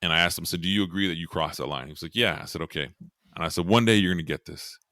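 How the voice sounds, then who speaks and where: Fast-talking deep-voiced man, earnest. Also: bright, forceful tone, no echo, clean studio sound. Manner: earnest, repeats words while thinking. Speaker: podcast guest. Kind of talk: candid storytelling.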